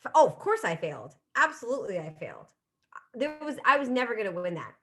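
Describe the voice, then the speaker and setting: Her voice is a little high and a bit bright, very animated, and she talks fast. She's a woman in her thirties running a solo comedy livestream from a home room with a bookshelf, chatting loosely and laughing at herself.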